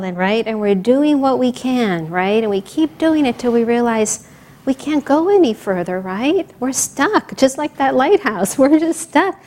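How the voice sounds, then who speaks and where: Woman giving an animated spiritual talk. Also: a little high. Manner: animated storyteller, laughs often, asks "right?"; drops to a soft whisper for sayings of saints. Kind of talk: sermon with storytelling.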